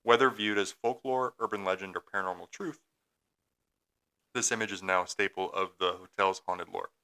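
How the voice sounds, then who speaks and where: A young man with a deep, clear, resonant voice reads a haunted-hotel story for a casual podcast. He stumbles over his notes at times but keeps the narration going. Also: normal speed, bright, forceful tone. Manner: reads a script with stumbles, then jokes and laughs. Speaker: podcast co-host telling a ghost story.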